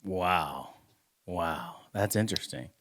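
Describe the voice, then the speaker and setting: A low-pitched man hosts a casual podcast, dropping quick reactions and questions into a guest's story. He keeps his lines short. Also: animated, a bit bright, dry recording, studio quality. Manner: brief interjecting reactions and questions. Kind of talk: casual chat.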